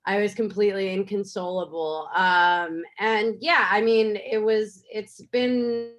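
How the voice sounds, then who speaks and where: A woman filmmaker speaks over a video call in a casual interview, chatty and animated. Her voice sits at a middle pitch, and her story spills out with plenty of fillers and restarts. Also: unhurried. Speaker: filmmaker guest.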